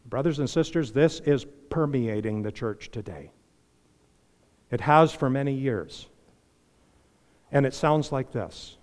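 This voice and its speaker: A man preaching a sermon as pastor, impassioned, swinging between loud emphasis and hushed earnestness. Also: mid-range voice, animated, slow, long pauses. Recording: long reverb of a large hall.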